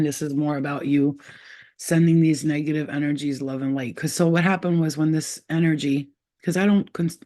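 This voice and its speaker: A woman giving a casual spiritual reading to her viewers, animated and excitable, swearing freely and repeating herself as she talks. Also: low voice. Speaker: spiritual reader.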